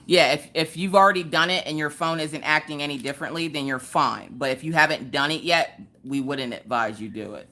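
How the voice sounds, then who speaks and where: Speaking a little fast, this Southern American woman runs an easygoing live stream. She chats with her audience at high volume, and her voice leaps into shrill squeals whenever she says hello to someone.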